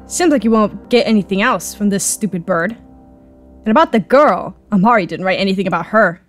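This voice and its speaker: A woman's voice: mid-range voice, expressive, moderate pace, soft background music. A young woman hosting a gaming channel, chatting animatedly and reading the game's text aloud as she plays. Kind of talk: let's play commentary.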